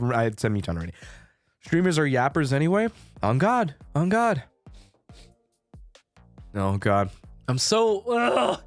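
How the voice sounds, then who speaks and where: A young man with a voice on the high side chats casually on his stream with no room sound. The VTuber streamer rambles playfully, swears freely, and keeps laughing and restarting.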